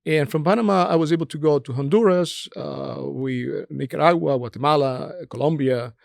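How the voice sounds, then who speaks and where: A middle-aged man from Puerto Rico with a Puerto Rican Spanish accent and Spanish as his first language, telling stories as an interview guest, animated with many hesitant fillers. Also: fairly high pitch, fairly quick, creaky, no room sound, studio quality. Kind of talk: casual interview conversation.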